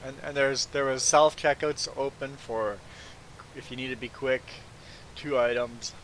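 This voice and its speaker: This Belizean game streamer takes his time, speaking at a medium pitch as he tells a casual story while playing a farming game live. He's animated, trips over repeated "I"s, and performs the voices of those he quotes. There's a bit of background noise, and the recording is rough.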